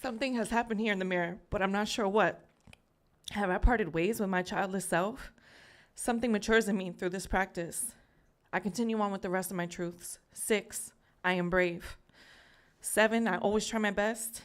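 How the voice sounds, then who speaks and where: A woman from New York City reading her own prose poem at an open mic, in an earnest, measured way with pauses. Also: mid-range voice, steady tone. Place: live open mic in a community venue.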